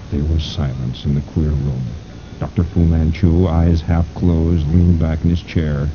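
A man narrating pulp fiction aloud in a theatrical way, lingering on ominous words. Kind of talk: dramatic audiobook reading of pulp fiction. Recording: dull lo-fi recording with rumble.

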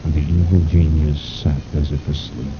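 A man's voice: level tone, normal speed, over music. A man narrating pulp fiction aloud in a theatrical way, lingering on ominous words. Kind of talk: dramatic audiobook reading of pulp fiction. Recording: dull lo-fi recording with rumble.

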